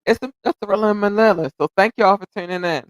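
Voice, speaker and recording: A man's voice: high voice, fast, no echo, poor audio. A man hosting his own podcast in a casual solo chat, talking in an effusive, grateful way and rambling, sometimes tongue-tied. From United States. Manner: effusive and grateful, repeating thanks and shout-outs; rambling, self-correcting, occasionally tongue-tied. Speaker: podcast host.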